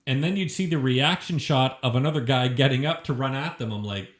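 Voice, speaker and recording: A man's voice: mid-range voice, fairly quick. A man co-hosting a casual film review podcast, rambling and swearing freely. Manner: profane, rambling, lively. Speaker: podcast co-host. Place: shared room. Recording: echoey room.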